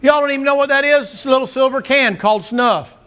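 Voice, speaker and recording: This man preaches in a rather high voice, working a church crowd with homespun, joking stories. His delivery stays conversational, like he is talking to neighbors from the pulpit. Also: fast talker, sharp tone. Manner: folksy storytelling with humor. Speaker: pastor. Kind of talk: sermon. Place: church sanctuary before a congregation. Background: congregation answering amen.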